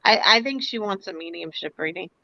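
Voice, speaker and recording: A woman's voice: medium pitch, animated, fairly quick, pushed and bright, no room sound, muffled recording. A woman giving a casual psychic reading on a live stream, hesitant, with fillers and small laughs. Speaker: psychic reader.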